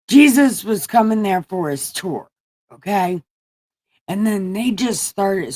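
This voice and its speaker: Host: woman, slow, rambling, profane comic storyteller, dry close sound. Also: lowish voice, darkish tone, dry recording, low-quality recording. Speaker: livestream host. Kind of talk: casual comedic Bible retelling.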